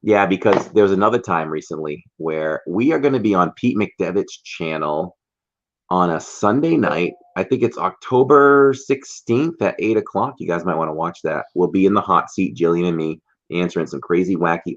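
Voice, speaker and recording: A man's voice: deep voice, lively intonation, normal speed. A man co-hosting a casual livestream, telling teasing stories and laughing often. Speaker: livestream co-host. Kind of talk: casual chat. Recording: dull lo-fi stream audio.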